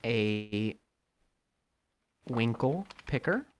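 A man's voice: mid-range voice, lively intonation, very slow, a little hiss or hum. A young man co-hosting a casual podcast, laid-back, reading aloud with stops and swearing. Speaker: podcast co-host. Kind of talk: casual chat.

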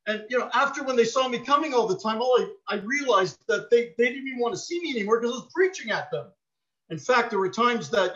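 A middle-aged man preaching a sermon, telling personal stories in a heartfelt way, moving between soft passages and emphatic ones. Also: high voice, dull audio.

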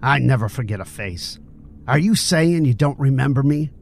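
A man's voice: mid-range voice, lively intonation, moderate pace, creaky. A man reading an audiobook, voicing a menacing bully who taunts and threatens his victim.

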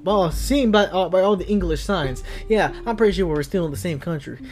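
A man's voice: high voice, a little fast, a little mellow, faint music behind. A man telling an improvised comic story in a rambling way, full of restarts. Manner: rambling, many restarts and fillers.

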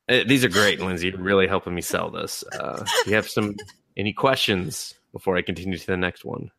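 Low gravelly man rambling and laughing. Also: normal speed, pushed and bright, slight background noise. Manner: rambling, laughing, profane, mimics people mid-story. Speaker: podcast co-host. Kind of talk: casual chat.

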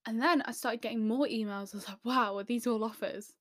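A young woman from the English Midlands telling a story to camera in a chatty, self-deprecating way, with quick asides. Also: a little high, steady tone, no echo, studio quality. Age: young adult.

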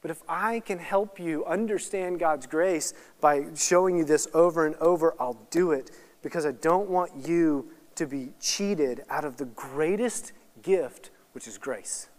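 An animated man leads a Bible study in a lively teaching style. His voice sits high, and his delivery swings between hushed, earnest lines and loud, rapid, excited asides. The sound carries the long reverb of a hall. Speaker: guest speaker at a Bible study. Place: church hall or meeting room.

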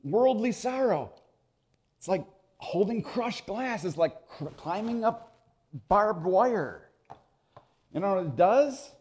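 A man's voice: sits high, expressive, slow pace, long pauses, darkish tone, husky. A man preaching a sermon as pastor, emphatic and repeating phrases for stress.

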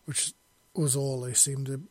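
A man narrating a fiction chapter in a steady, plain storytelling way. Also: mid-range voice, measured pace, dry recording. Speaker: audiobook narrator.

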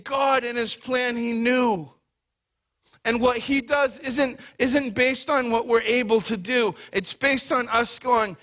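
A male pastor preaching a conversational sermon to a church congregation, talking energetically in quick bursts. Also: extremely high pitch, bright, forceful tone. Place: church hall before a congregation.

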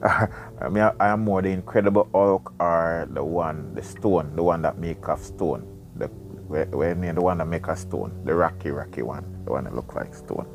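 A man reads a book aloud for his podcast, often drifting into chatty side remarks. His voice sits very low and has a gravelly rasp. Faint music plays softly behind him. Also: moderate pace. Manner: rambling, chatty asides. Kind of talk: casual reading with side commentary.

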